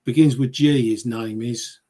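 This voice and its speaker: A man's voice: mid-range voice, steady tone, unhurried, mellow. Sarcastic blokey fan, a man. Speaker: caller. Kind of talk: casual fan call-in chat.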